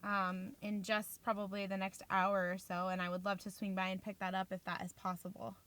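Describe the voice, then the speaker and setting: Excitable young woman, bright voice. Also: fairly high pitch, fairly quick, few pauses, slight background noise. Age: young adult. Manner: excitable, breathless, shrieking with joy. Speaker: documentary subject. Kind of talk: candid documentary footage.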